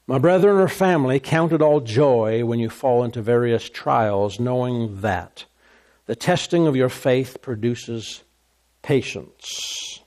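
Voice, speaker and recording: A man preaching a sermon, emphatic and repetitive, his voice rising high when he gets excited. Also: takes it slowly. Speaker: pastor.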